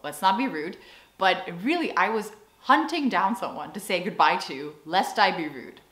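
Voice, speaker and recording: A woman's voice: fairly low pitch, normal speed, echoey room. Chatty American woman vlogging. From United States. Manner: chatty and animated, with playful acted-out asides. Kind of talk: casual vlog talk to camera.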